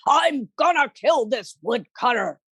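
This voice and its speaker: A woman's voice: fairly high pitch, animated, unhurried, creaky, a bit bright, breathy edge, no echo, studio quality, pitched above the performer's own voice, exaggerated voice. A woman voicing an angry king who hollers and blusters petulantly. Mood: furious.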